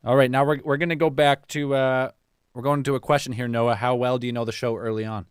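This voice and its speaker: A man's voice: medium pitch, fast, clean tone, no echo, clean studio sound. A man from Canada hosting a casual call-in podcast, joking and running the lines. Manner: relaxed, joking, runs the calls. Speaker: podcast host.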